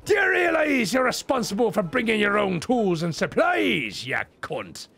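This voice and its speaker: A man's voice: huge pitch swings, moderate pace, fairly bright tone, heavily acted. A man doing a growling old pirate skipper. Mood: gruff. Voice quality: gravelly growl. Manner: growls "arr" and drops into rumbling lows. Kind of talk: comedic game voice-over.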